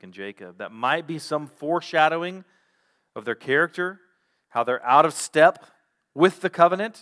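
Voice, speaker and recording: A pastor preaching a sermon, teaching through a Bible passage with measured pauses. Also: male voice, mid-range voice, a bit bright.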